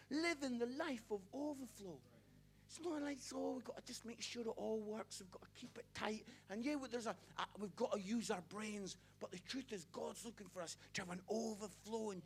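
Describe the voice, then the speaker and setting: Very high-pitched man preaching passionately. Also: husky. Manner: passionate storytelling, rising to near-shouts. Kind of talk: sermon.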